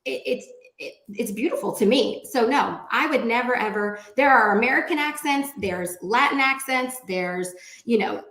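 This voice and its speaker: A woman speaking as a panelist on a video call, animated and chatty, with lots of "like". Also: a little high, moderate pace. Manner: animated and chatty, many likes. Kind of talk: casual panel discussion. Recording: echoey room.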